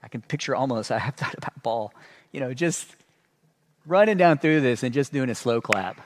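A man's voice: mid-range voice, normal speed, a little hiss or hum. A man preaching a sermon as a pastor, telling stories and acting out sarcastic asides. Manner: animated storytelling with sarcastic asides.

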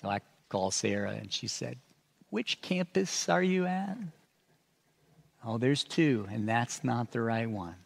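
A man's voice: medium pitch, unhurried, vocal fry. A man preaching a sermon as a pastor, telling stories and acting out sarcastic asides. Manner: animated storytelling with sarcastic asides.

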